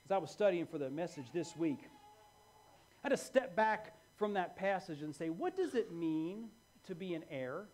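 Animated preacher with a lively voice. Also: male voice, high voice, unhurried. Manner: animated, swings from hushed to loud. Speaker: pastor. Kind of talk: sermon. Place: church.

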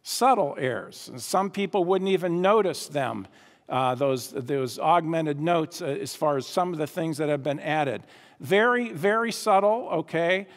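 A man's voice: on the high side, measured pace, long reverb tail. A man preaching a sermon, emphatic, repeating phrases and asking the audience questions.

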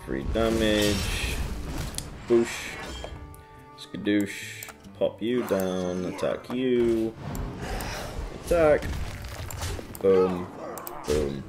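A gaming channel host chats his way through a card game, reading card text aloud and tossing in goofy sound effects. His voice sits fairly low for a man, yet his intonation is lively. He talks at an unhurried pace over faint background music. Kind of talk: casual game commentary.

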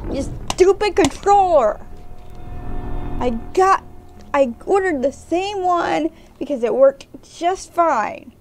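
A woman's voice: very high voice, lively intonation, takes it slowly, slight background noise. A woman doing gameplay commentary at home, chatty and grumbling at the game and the controller. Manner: chatty, scolds the game, soothes her dog. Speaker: let's play host. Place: home room.

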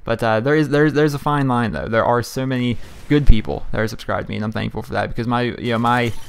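Fast-talking gaming commentator man. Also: medium pitch, steady tone, gravelly, clean tone. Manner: rambling, chatty, frequent fillers and restarts. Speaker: gaming YouTuber. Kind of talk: casual gameplay commentary.

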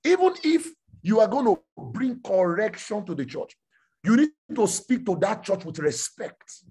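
A male preacher delivers a sermon with a lively, swooping pitch that climbs sharply when he drives a point home. His voice is slightly husky, and he keeps repeating phrases and checking that the listeners understand. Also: measured pace. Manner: rhetorical questions, repeating phrases, rising to shouts.

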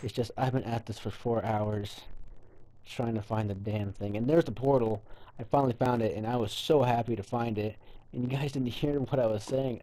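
A man's voice: medium pitch, fairly even intonation, moderate pace, warm tone. Frustrated young man narrating gameplay. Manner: frustrated, apologetic, rambling with restarts. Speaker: gaming channel host. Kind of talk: gameplay voice-over.

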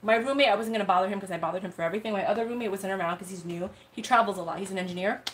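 A young woman talks casually to her livestream viewers in an animated, slang-filled way. Her voice sits at a middle pitch. She jumps between stories with lively asides. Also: very fast, slight background noise. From United States. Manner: chatty, animated storytelling with slang. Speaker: live sale host.

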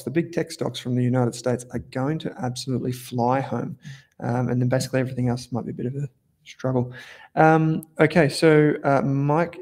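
A man's voice: medium pitch, mellow. Chatty Australian man hosting a livestream. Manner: chatty, rambling, self-correcting, informal slang. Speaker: livestream host, investment analyst. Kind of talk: casual live-stream talk, reading viewer comments.

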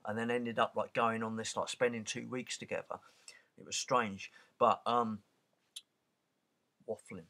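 Rambling man, halting and casual. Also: mid-range voice, bright, forceful tone. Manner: rambling and hesitant, many fillers and restarts. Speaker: channel host. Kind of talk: casual spoken commentary.

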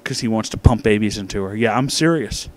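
A drunk man hosting a comedic movie review, ranting with heavy profanity and loud outbursts. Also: fairly low pitch, animated, fairly quick.

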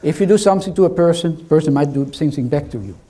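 A man's voice: fairly high pitch, very fast, mellow, breathy edge. An older man with a foreign accent giving a lecture in a hall, teasing and quizzing the audience as he goes. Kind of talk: interactive lecture.

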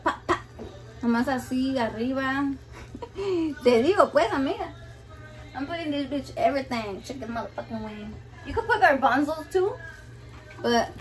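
A woman hosting a casual cooking video in her home kitchen, swearing freely and mixing Spanish and English in a jokey, candid way. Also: high voice. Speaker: cooking vlogger.

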